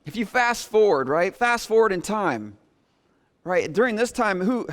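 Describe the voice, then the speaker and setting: A man preaching a sermon as pastor, animated, acting out his listeners' reactions in quick asides. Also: high voice.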